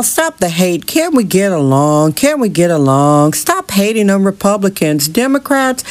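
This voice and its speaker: Blunt ranting woman host, lowish voice. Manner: blunt, ranting, rhetorical questions. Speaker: show host. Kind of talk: opinionated monologue. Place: San Francisco.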